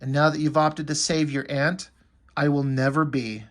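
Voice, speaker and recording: A sad little girl from a comic book, speaking in a quiet, solemn lament. The voice sits a little high, as a man reads her lines in a recap. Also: flat delivery, normal speed, lightly acted.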